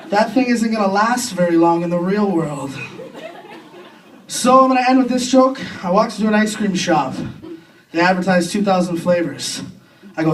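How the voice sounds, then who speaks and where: A young Canadian man doing a crude, self-deprecating stand-up comedy set on a club stage, with quick impressions between punchlines. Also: high voice, animated, some chatter behind. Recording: distant club recording with faint room noise.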